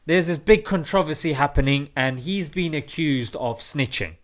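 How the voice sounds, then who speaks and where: A man's voice: fairly high pitch, lively intonation, normal speed. A man hosting a faith-based video channel, delivering a chatty, slangy, joking rant as commentary. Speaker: Islamic video host. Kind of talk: comic ranting commentary.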